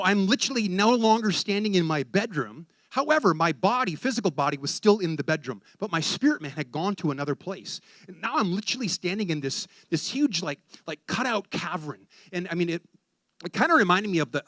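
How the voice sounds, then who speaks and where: Preacher guy telling a wild story, super animated, high bright voice, dry close sound. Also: dry recording. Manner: animated, excitable storyteller who acts out voices. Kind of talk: sermon storytelling.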